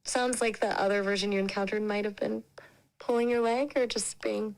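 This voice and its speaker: A woman's voice acting as an AI chat companion, upbeat and polite, quick to agree in casual chat. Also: mid-range voice, fairly even intonation, darkish tone, clean tone.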